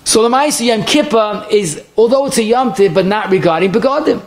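A rabbi in the middle of a halacha class talks. He moves quickly from one source to the next, stumbling and restarting as he goes. His speech is full of Hebrew and Yiddish terms. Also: sits high. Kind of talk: Torah lecture.

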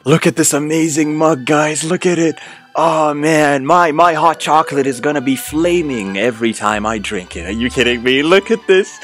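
A man hosting an excited unboxing vlog, gushing and exclaiming, repeating his thanks again and again. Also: a little high. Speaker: unboxing host.

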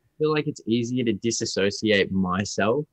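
A man's voice: on the low side, moderate pace, no echo. A young Australian man, an actor guest, telling stories in a casual interview with rambling restarts. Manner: rambling, restarts often, lively storytelling.

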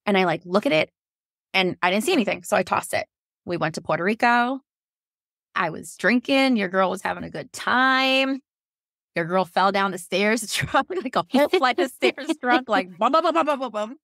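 Woman, 30s, podcast guest. Animated storyteller who jumps up in pitch for quoted lines, dry close mic. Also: moderate pace, vocal fry, no room sound. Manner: animated, laughs often, acts out quotes in a higher voice. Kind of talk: casual storytelling.

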